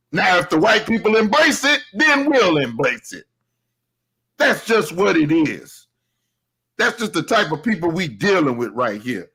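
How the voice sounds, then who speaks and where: A man's voice: high-pitched, a bit bright, husky, poor audio. A man hosting a show, delivering a heated, profane commentary rant with emphatic, laughing delivery.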